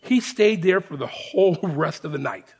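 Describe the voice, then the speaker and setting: A man preaching a testimony as a lively story, speaking to the congregation as friends. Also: a little high, moderate pace, husky. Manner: animated storyteller, shouts the sergeant's lines. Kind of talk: sermon storytelling.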